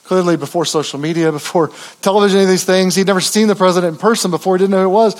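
A pastor preaching a sermon in an earnest, conversational way, with frequent restarts. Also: male voice, high voice, steady tone, very fast.

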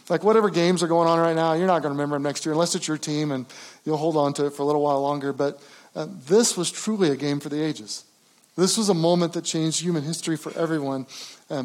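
Male pastor, high voice, chatty sermon delivery with restarts and emphatic peaks. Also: a little mellow. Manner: conversational, frequent restarts, rising to emphatic cries.

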